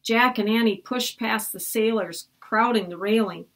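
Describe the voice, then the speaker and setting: Woman, a bit high-pitched, reading a storybook aloud with lively character lines. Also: measured pace. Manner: lifts her pitch for the children's lines and drops low for the narration.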